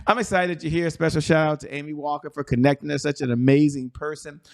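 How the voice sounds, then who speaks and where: A man hosting a business talk show, energetic and playful, stretching words for emphasis. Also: on the high side, creaky. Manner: hyped, playful, drawn-out emphasis. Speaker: show host.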